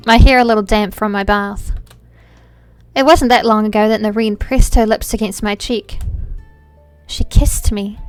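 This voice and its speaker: A woman reading aloud as a young woman character who is flustered, in slow, measured narration. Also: medium pitch, steady tone, clean tone, soft background music, lightly acted. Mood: wistful. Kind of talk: reading game text aloud.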